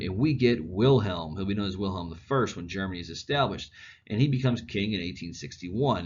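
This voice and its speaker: Casual husky guy teaching history, lowish voice, dull lo-fi audio. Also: slight background noise. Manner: casual, chatty, animated storytelling. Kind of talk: classroom lecture.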